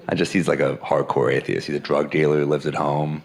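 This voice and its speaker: A man's voice: a bass voice, moderate pace, vocal fry, long pauses, a faint crowd. A man doing a stand-up set in an offhand, conversational way. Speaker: stand-up comedian.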